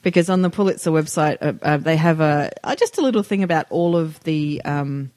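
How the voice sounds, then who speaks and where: A woman's voice: low voice, a little fast, darkish tone, no echo. A woman co-hosting a podcast, chatting casually about books and laughing often. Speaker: podcast co-host. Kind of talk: casual book review chat.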